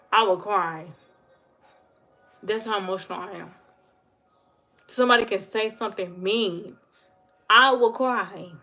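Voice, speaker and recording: A woman's voice: mid-range voice, fairly bright tone. A woman giving an earnest, emotional talk about faith to viewers on her livestream. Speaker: livestream host. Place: home livestream.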